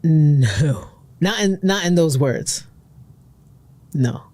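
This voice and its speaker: A man co-hosting a podcast in casual heart-to-heart chat, a supportive listener who keeps affirming with quick agreements. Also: a little high, lively intonation, darkish tone, no echo. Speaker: podcast co-host.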